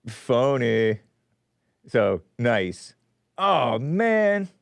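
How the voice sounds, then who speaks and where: A man hosts a streamed commentary show, needling his targets with sarcastic, mocking remarks. His voice is smooth and resonant. The sound is dry and close to the mic. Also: medium pitch, sing-song, very slow, dry recording. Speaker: host.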